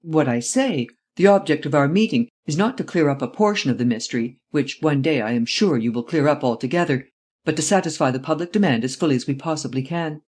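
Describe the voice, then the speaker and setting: In this audiobook, the reader voices a blustering, impatient male head of government who is clipped and exclamatory and presses hard for fast action. The pitch is an ordinary middle range, and the natural voice is a little mellow.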